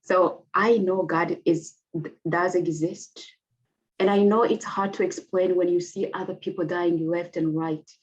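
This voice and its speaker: Woman, 30s, Rwandan accent, heartfelt testimony, lower pitch, dull lo-fi recording. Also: steady tone, unhurried. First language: Kinyarwanda. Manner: earnest, heartfelt, with hesitant restarts. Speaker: guest. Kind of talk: personal testimony in an interview. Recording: dull lo-fi audio.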